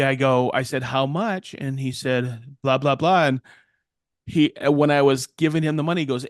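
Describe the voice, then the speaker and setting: A middle-aged man, co-hosting a podcast and telling a long story in a rambling, animated way, acting out the people in it. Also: medium pitch, normal speed, dry recording, clean studio sound. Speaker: podcast co-host and woodworker. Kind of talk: casual storytelling chat.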